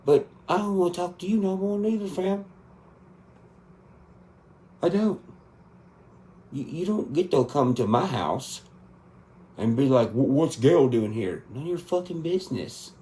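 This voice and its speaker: A man's voice: high-pitched, expressive, unhurried, pauses often, mellow. A man in his thirties delivering an angry, profane spoken rant inside a song. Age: 30s. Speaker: country rap artist.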